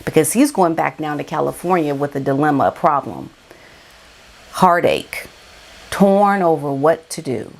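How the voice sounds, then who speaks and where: A woman's voice: low-pitched, animated, a little slow, vocal fry, darkish tone. A woman vlogger giving casual celebrity gossip commentary, emphatic and colloquial, repeating key words for effect.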